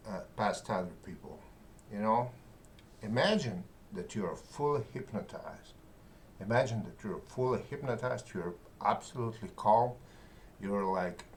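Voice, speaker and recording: A man with talks in a slow, drawn-out way, pausing on fillers. His fairly low voice swings widely in pitch and loudness. A faint background noise sits under the recording. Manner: slow, rambling, many fillers, swings between loud and quiet. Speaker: channel host. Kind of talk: casual talk on relaxation and rapport.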